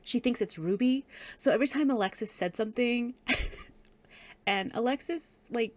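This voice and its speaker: A woman giving a casual book review. She speaks in an animated way, laughs often and swears casually. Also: on the high side, measured pace.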